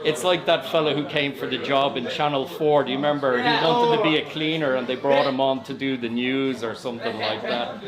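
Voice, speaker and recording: A man's voice: mid-range voice, fairly quick, hardly any pauses. An Irish man, a walking tour guide, chatting with hesitations on a live broadcast in a pub. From Ireland. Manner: rambling, hesitant, self-promoting. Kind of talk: casual chat on a live broadcast. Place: busy pub. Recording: crowd noise from a busy pub.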